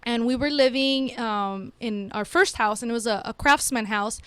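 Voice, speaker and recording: A woman's voice: a little high, moderate pace, clear, resonant tone, no room sound. A woman on a podcast in a studio, telling a parenting story in casual chat with lots of fillers. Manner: animated storytelling, many fillers. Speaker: mother and podcast guest.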